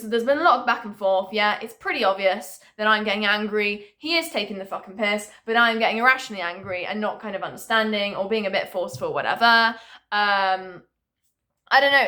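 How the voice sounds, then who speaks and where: A young woman tells a story in a chatty, animated way, swearing freely and laughing often. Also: a little high. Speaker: vlogger. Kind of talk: casual storytime monologue.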